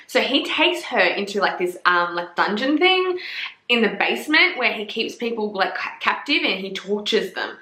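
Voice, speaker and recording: This book reviewer, a young woman, has a mid-range voice and speaks at a moderate pace. She's sassy, animated and happily sweary as she chats casually about books, her voice echoing around the room.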